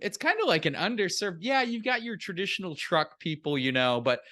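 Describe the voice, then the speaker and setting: A man's voice: sits high, sing-song, a little fast, sharp tone. Laid-back joking male podcast host. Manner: laid-back and joking, laughs often, swears. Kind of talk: casual chat.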